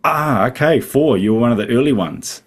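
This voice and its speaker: A man's voice: mid-range voice, expressive, normal speed. Brief: man, late 30s, casual podcast host on a video call, loose and swears freely. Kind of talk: casual interview chat.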